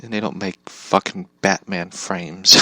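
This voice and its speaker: A man's voice: low-pitched, huge pitch swings, slow pace, sharp tone, no room sound. A young man talking casually in a rambling vlog monologue, laughing often, swearing and restarting his sentences. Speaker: vlogger.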